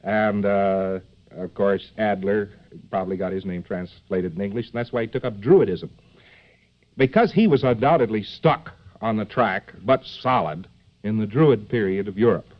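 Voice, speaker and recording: A man with a lowish voice at normal speed gives a live lecture to an audience, rambling, joking, and digressing, full of fillers and rhetorical asides like "see?". The recording is an old, dull, lo-fi one.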